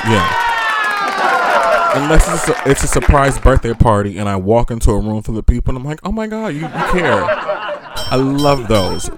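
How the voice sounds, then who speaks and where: A man's voice: lowish voice, very noisy. A man in his forties hosting his own radio show in a casual monologue, profane and exasperated, laughing often.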